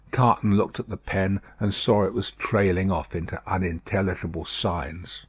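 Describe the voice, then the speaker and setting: A man narrating an audiobook in a measured, dramatic storytelling manner. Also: sits low, fairly even intonation, breathy edge, dry recording.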